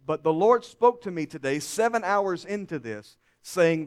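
A male pastor delivers a sermon with a high-pitched voice. He drops to hushed, confiding tones, then builds to loud, emphatic declarations for the congregation. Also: animated, unhurried, few pauses, smooth. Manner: dramatic, swings from hushed to shouting.

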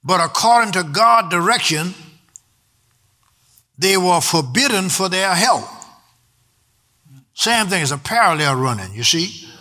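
A man's voice: high-pitched, expressive, unhurried, long pauses, bright, forceful tone. A man preaching a sermon, in a rhythmic delivery that drifts into half-singing and draws out key words. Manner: rhythmic preaching, sometimes half-sung, stretched words for emphasis.

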